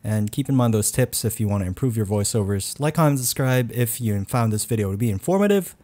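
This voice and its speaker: A man giving a voice-over tutorial in a low, deliberate announcer style, recorded close on a condenser mic in a quiet room at home. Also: lively intonation. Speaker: YouTube tech reviewer.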